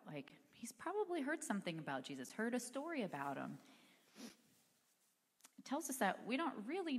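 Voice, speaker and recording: A woman's voice: medium pitch, big-room sound. A woman preaching a sermon in a church, speaking in a conversational, earnest way with casual fillers. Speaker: pastor. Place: church sanctuary.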